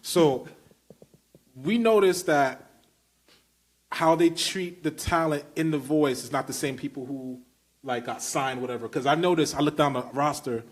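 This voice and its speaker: Speaking a little slowly in a voice on the high side, this Brooklyn-accented podcast host keeps the conversation casual. His delivery is emphatic and eager, with questions strung together into long run-ons.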